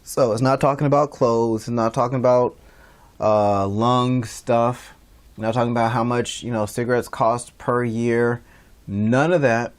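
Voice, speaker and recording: A man's voice: medium pitch, steady tone, measured pace. A man teaching a casual class over a stream, rambling, with many fillers and restarts. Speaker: instructor. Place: livestreamed class.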